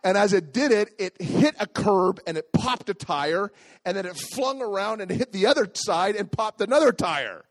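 A middle-aged man telling a lively personal story as a pastor in a sermon. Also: sits high, moderate pace. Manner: lively, animated storytelling with acted voices.

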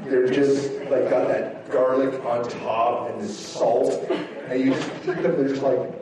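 A man preaching a sermon as a pastor, telling personal stories with emphatic, animated rises. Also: medium pitch, unhurried, noisy background. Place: church sanctuary. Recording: echoey hall from far off.

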